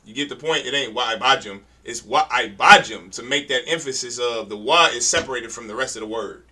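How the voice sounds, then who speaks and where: A man's voice: medium pitch, quick pace, pushed and bright, poor audio. A man teaching a class to read Hebrew, correcting students and stressing pronunciation in a colloquial way. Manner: emphatic, corrects readers, colloquial. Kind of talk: classroom instruction.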